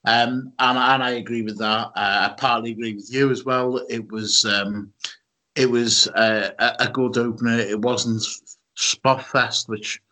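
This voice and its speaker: A man's voice: medium pitch, steady tone, measured pace, sharp tone. A man with a Scouse accent co-hosting a podcast, talking casually with many ums and restarts. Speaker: podcast co-host. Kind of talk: casual chat.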